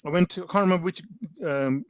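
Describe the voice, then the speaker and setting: A man's voice: high-pitched, quick pace, dry recording. A man, a guest in a casual chat, telling stories animatedly with lots of slang and filler words. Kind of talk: casual storytelling.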